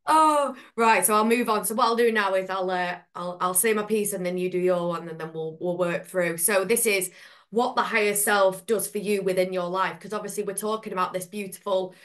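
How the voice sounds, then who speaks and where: A woman's voice: medium pitch, fairly even intonation, fairly bright tone. A woman co-hosts a casual spiritual podcast in a mid-range voice. She is playful and chatty, slipping in jokes between her points. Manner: playful and chatty, quick to joke. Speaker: podcast co-host and spiritual coach.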